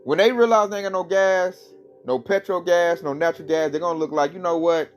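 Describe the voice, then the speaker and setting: High-voiced preachy vlogging man. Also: fairly quick, muffled recording, faint music behind. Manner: repetitive, preachy, slangy, frequent laughs. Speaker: channel host. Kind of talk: religious commentary vlog.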